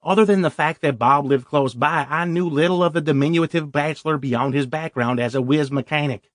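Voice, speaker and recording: Wry male audiobook narrator, slightly high. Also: fairly quick, dry recording, studio quality. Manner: wry, self-deprecating. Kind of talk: first-person audiobook narration.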